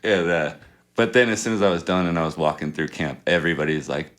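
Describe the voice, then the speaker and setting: Very deep-voiced laid-back man. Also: fairly quick. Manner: laid-back, chuckles often, rambling anecdotes. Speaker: rapper and producer, guest. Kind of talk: casual interview storytelling.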